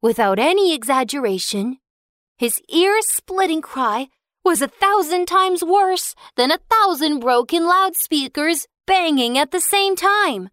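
A woman tells a children's storybook tale in a slow, expressive way. Her high voice swoops up and down, and the recording is dry and close. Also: dry recording. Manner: expressive, slow, sing-song.

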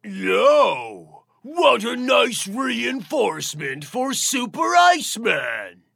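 A huge, boastful snow monster, played by a man, who bellows his taunts in a gravelly voice. He drags every word out slowly while his pitch swoops wildly up and down, all in a dry, close recording for a children's audio story. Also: huge pitch swings, dry recording, heavily acted. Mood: taunting. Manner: loud, taunting, drawn-out.

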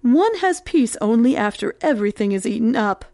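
A woman voicing a greedy, sly cat in a read-aloud storybook, speaking coolly and smoothly. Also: animated, moderate pace, mellow, no room sound, clean studio sound. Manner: low, cool and smooth-talking. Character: greedy, sly she-cat, cool and scheming.

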